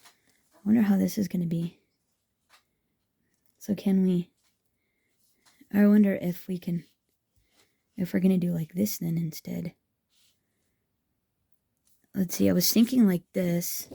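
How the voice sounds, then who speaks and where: A woman's voice: lowish voice, fairly even intonation, takes it slowly, gravelly, pauses often, warm tone, husky. A woman chatting casually through a craft tutorial, enthusiastic and thinking aloud as she works. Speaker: craft vlogger.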